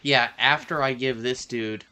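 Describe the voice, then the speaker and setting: A gaming streamer chats loosely on his live stream while playing a shooter, rambling, cursing and talking to his cat. His medium-pitched voice is bright and forceful, steady in tone and measured in pace.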